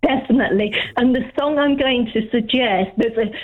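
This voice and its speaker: Brief: female phone-in caller, earnest and chatty, higher voice, narrow telephone sound. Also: moderate pace. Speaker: radio caller. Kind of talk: phone-in call. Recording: phone line.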